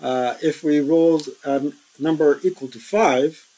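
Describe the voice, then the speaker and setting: A man with a slightly higher voice talks through game rules in a relaxed, step-by-step way. His speech is loose and unscripted, with plenty of ums and uhs as he goes, and it turns animated in bursts. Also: a little slow, low-quality recording. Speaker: board game tutorial host. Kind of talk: casual rules explainer.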